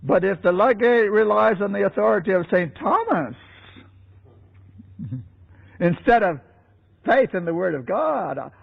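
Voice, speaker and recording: A man voicing a steadfast reformer monk who speaks in slow, firm declarations, on a dull lo-fi recording. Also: high voice, animated, vocal fry, in a large hall, exaggerated voice. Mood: resolute.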